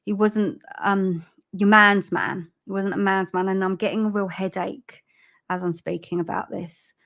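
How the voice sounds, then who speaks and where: Woman giving a halting psychic reading. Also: mid-range voice, fairly even intonation, vocal fry. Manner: soft, halting, many ums, repeats phrases; laughs at herself over tech trouble. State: choked up with emotion. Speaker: psychic medium. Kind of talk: live-streamed spiritual reading.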